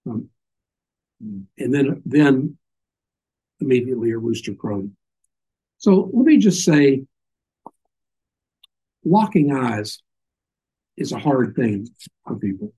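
A man's voice: medium pitch, very animated, takes it slowly, long pauses, warm tone, breathy edge, low-quality recording. An older man with a Southern accent giving an informal Bible teaching, folksy and full of little stories and asides. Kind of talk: informal sermon.

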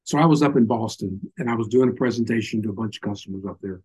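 A man's voice: lowish voice, quick pace, dark tone, breathy edge, low-quality recording. An older man with a Southern accent giving an informal Bible teaching, folksy and full of little stories and asides. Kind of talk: informal sermon.

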